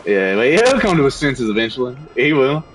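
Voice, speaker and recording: A man's voice: mid-range voice, big pitch swings, fairly quick, poor audio. A young man streaming a game on a headset mic, telling stories in a laid-back, casual way with lots of swearing. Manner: laid-back storytelling, heavy swearing, frequent laughs. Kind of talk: casual chat while gaming.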